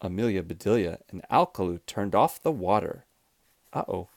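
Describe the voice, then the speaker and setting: A man reading a children's storybook aloud, clear, expressive and deliberate. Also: low-pitched, dry recording. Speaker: storybook reader.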